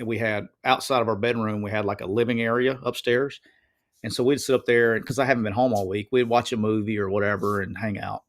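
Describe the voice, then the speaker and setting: A man, telling stories in a casual chat as a guest, animated and rambling, often repeating himself. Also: fairly low pitch.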